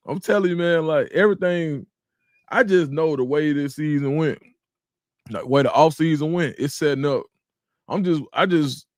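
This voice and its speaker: A man's voice: mid-range voice, no echo, clean studio sound. A man hosting a casual livestream at home, talking loosely and straight to his viewers and greeting the chat by name. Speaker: livestream host.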